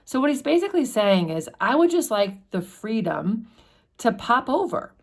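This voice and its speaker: A woman hosting a book channel, retelling a classic novel in a relaxed, conversational way with fillers and restarts. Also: fairly high pitch, normal speed. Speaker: book discussion host. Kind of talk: casual book summary with read quotes.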